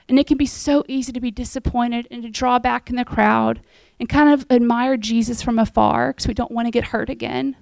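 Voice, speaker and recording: A woman delivering a sermon, telling a scripture story in an earnest, conversational way. Her voice sits a little high with a gravelly edge, and the sound is close and dry. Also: darkish tone, no echo. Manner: earnest storytelling, retelling scripture in plain words. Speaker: preacher.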